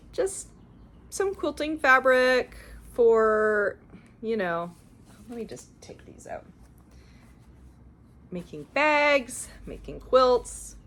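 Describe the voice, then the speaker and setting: A woman's voice: a little high, fairly bright tone. A young woman from Canada hosting a cross-stitch channel, chatting casually and gushing over her shopping finds. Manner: gushing, chatty, lots of fillers and laughs. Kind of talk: casual show-and-tell chat.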